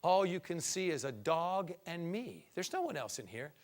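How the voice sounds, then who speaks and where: A devout cowboy who stays calm and unbothered, voiced by a man retelling the story. He answers in a laid-back, matter-of-fact way. His voice sits high. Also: moderate pace.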